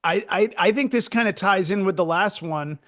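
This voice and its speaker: A man co-hosting a comedy podcast, telling stories in an excitable, ranting way with stammering restarts. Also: high voice, moderate pace, no room sound, studio quality. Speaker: podcast co-host. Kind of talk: comedic rant.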